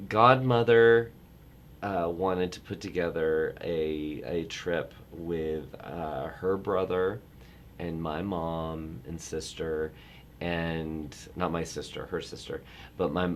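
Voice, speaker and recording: A middle-aged man in the travel business chatting casually, telling a rambling story with many restarts and animated bursts. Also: low-pitched, slight background noise. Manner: rambling, self-interrupting storyteller who gets animated. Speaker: travel industry guest. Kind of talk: casual chat.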